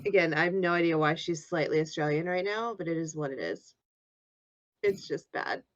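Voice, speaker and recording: A woman's voice: low voice, moderate pace, dry recording, muffled recording. A woman playing a tabletop game over an online call, giggly and self-deprecating. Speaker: player.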